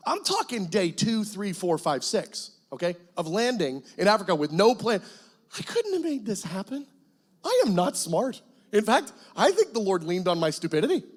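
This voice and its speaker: High-voiced man preaching an animated testimony. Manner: animated storytelling, bursts into excited shouted quotes. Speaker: guest pastor. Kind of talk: testimony sermon.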